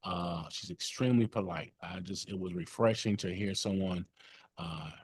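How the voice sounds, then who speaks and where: A man's voice: low-pitched, normal speed, slightly rough, no echo. A man leading a sales training session on a call, coaching in a conversational way with lots of fillers and check-ins.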